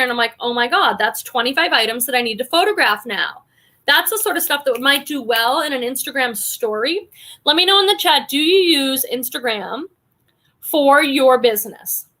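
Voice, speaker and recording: A woman's voice: high voice, sharp tone. A woman in her forties hosting a reselling livestream, chatting casually and reading viewer comments aloud with effusive enthusiasm. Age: 40s.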